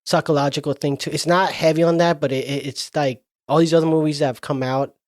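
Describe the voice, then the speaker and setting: A man co-hosting a podcast, talking about a movie in a relaxed, rambling and profane way. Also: on the high side, fast talker, no echo, clean studio sound. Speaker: podcast co-host. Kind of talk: casual movie chat.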